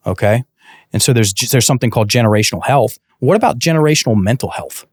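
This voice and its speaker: A man as a podcast guest, telling a coaching story in a casual, animated way, often restarting sentences and acting out dialogue. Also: medium pitch, fast talker, no echo, studio quality. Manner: animated, many restarts, acts out quoted dialogue. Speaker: guest, breathwork and mindset coach.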